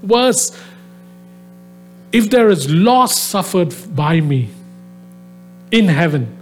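Fervent man preaching, higher-pitched voice. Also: big pitch swings, extremely slow, slight background noise. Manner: conversational storytelling with many fillers, rising to fervent exhortation. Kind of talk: sermon to a live audience. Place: venue with a soundboard.

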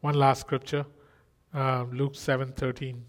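A man's voice: medium pitch, flat delivery, measured pace. A man preaching a sermon in an earnest style, asking rhetorical questions and exclaiming.

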